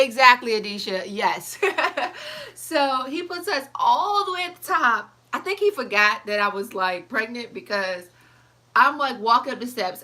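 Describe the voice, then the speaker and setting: A young woman chatting to camera in an animated, chatty way, reading live comments as she tells her story. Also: on the high side. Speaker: vlogger. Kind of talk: casual chat to camera.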